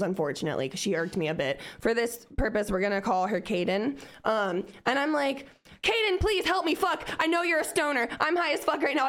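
A young woman telling a story in casual talk, swearing freely and acting out the voices of the people in it. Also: medium pitch. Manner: animated, swears freely, acts out quoted voices. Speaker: podcast guest.

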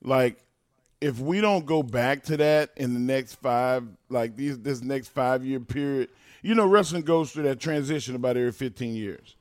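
A man co-hosting a casual talk show who gets fired up and bursts into loud, animated rants. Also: mid-range voice, moderate pace, dry recording, studio quality. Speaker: podcast co-host. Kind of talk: casual chat.

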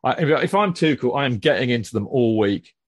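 A man's voice: medium pitch, animated, brisk, no echo, studio quality. A man co-hosting a casual football chat, emphatic and repeating phrases for weight. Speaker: podcast co-host.

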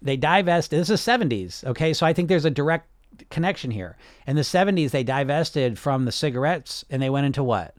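A man's voice: fairly high pitch, expressive, brisk, no echo, clean studio sound. A man hosting a casual podcast, talking bluntly and passionately, swearing often and restarting his sentences. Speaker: podcast host and weight loss coach. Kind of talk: casual unscripted podcast talk.

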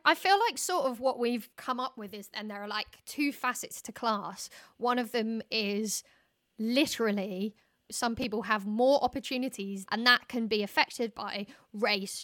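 A woman's voice: fairly high pitch, normal speed, a bit bright, dry recording, studio quality. A woman in a casual discussion, wry and opinionated, with joking asides.

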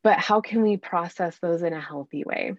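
A woman's voice: lowish voice, moderate pace, no echo. Earnest woman coaching moms, lo-fi. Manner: earnest, animated, acts out inner dialogue. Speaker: guest, mom anger coach. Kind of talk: faith-based podcast conversation.

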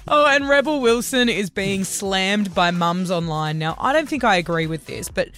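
A woman's voice: medium pitch, animated, moderate pace, a bit bright. A woman doing entertainment news on a radio show, chatty and opinionated. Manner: chatty, opinionated, laughs easily. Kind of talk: casual radio chat.

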